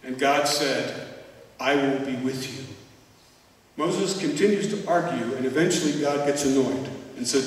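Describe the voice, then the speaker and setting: A man preaching a sermon as a church elder, speaking slowly and deliberately with emphatic repetition. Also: medium pitch. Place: large church hall. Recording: echoey hall, distant mic.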